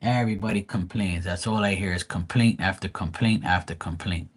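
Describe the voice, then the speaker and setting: A man's voice: deep voice, fairly quick, breathy edge. A man from Bermuda hosting a live tarot stream, ranting bluntly and profanely in casual chat.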